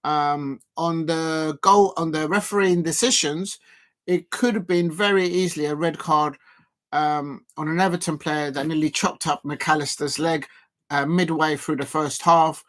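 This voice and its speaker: A man's voice: fairly high pitch, fairly even intonation, measured pace, fairly bright tone. A man hosting a live football watch-along, commenting in a rambling, hesitant way full of fillers.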